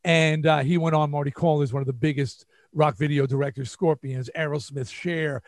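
An older musician from the New York area, with a New York accent, is a guest in a storytelling interview, animatedly acting out what people said. His voice is fairly high and brisk, with no room sound.

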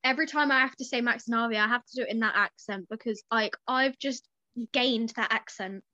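A woman's voice: on the high side, a little fast, bright, forceful tone, dry recording, dull audio. A young woman co-hosting a podcast, reading a story aloud casually and breaking off to giggle and joke.

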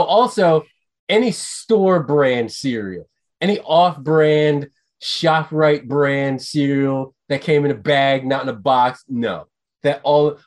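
A man co-hosting a podcast in casual chat, ranting with profanity and getting animated. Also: mid-range voice. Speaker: podcast co-host.

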